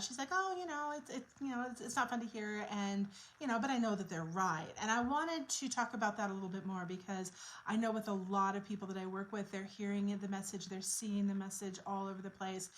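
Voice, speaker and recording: A woman coach speaks straight to camera in a casual, unscripted way. She sounds earnest and reflective, working her thoughts out as she goes. Her pitch sits in an ordinary middle range. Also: rough recording. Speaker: quit-smoking coach.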